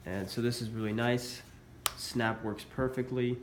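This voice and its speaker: A man's voice: mid-range voice, fairly even intonation, unhurried. A man with a stuffy voice from a cold, casually showing military collectibles in a hesitant, filler-laden way. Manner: casual, hesitant, many uhs. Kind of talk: casual show-and-tell vlog. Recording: echoey room, faint background noise.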